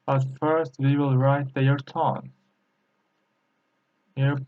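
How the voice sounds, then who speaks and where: Slow, halting man teaching Chinese. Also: medium pitch, fairly even intonation, phone-quality sound. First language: Turkish. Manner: slow, halting non-native English with many fillers. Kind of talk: screen-recorded language lesson.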